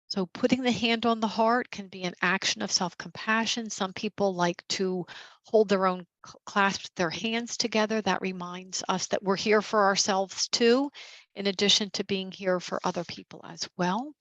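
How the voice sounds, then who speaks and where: A woman teaching a caregiver support workshop over a video call, gentle and encouraging, with casual fillers. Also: mid-range voice, fairly even intonation, normal speed, no room sound, rough recording.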